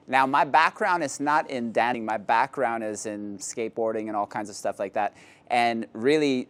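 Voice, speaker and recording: Playful male salsa instructor counting steps. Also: a little high. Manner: playful, counts steps aloud, jokes and laughs. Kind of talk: dance class instruction.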